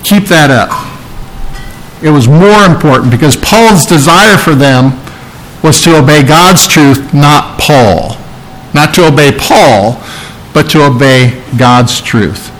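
A man's voice: medium pitch, animated, slow, fairly bright tone, slight background noise, low-quality recording. A man preaching a sermon, explaining a scripture passage in an earnest teaching tone and repeating key phrases for emphasis.

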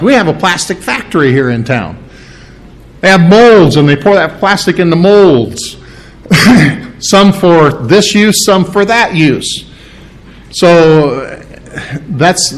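A middle-aged man preaching a verse-by-verse sermon, conversational with restarts and asides, pressing hard on repeated phrases. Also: fairly high pitch. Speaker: pastor. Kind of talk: sermon, verse-by-verse Bible teaching.

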